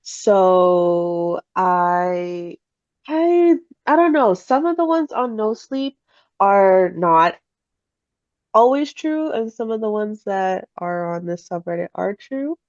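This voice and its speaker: A woman co-hosting a casual podcast, a mother who speaks bluntly and breaks into laughter often. Her voice sits at an ordinary middle pitch. The recording is dry and a little dull. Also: very animated, takes it slowly, a little mellow, no echo. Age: adult parent. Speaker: podcast co-host. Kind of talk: casual chat.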